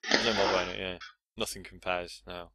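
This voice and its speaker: A man's voice: sits low, little pitch movement, fairly quick, sharp tone, no echo. A young English man co-hosting a podcast, talking casually and rambling, with lots of fillers and frequent laughs. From England. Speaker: podcast co-host. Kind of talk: casual chat.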